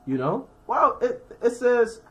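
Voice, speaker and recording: His voice is very high, a bit bright, and very animated, though he speaks slowly. The man teaches scripture in a relaxed, slangy way, reading verses and then explaining them through everyday examples while checking in with his listeners.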